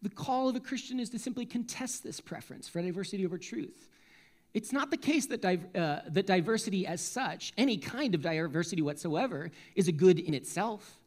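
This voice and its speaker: A young man from Connecticut on the US East Coast preaches a sermon, animated and self-mocking, often restarting his sentences. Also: high voice, fairly quick.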